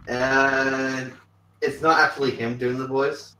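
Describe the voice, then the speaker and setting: A man's voice: mid-range voice, level tone, takes it slowly, background noise. A man racing in a video game speedrun, chatting in a laid-back way with short, easy replies. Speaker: speedrun racer. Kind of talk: casual chat during a game. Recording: echoey room with faint music.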